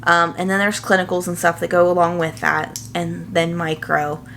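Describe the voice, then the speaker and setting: A young adult woman, a nursing student, chatting casually and earnestly to her viewers, full of fillers and quick asides. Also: fairly low pitch, level tone, a bit bright, slight background noise. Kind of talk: casual chat to camera.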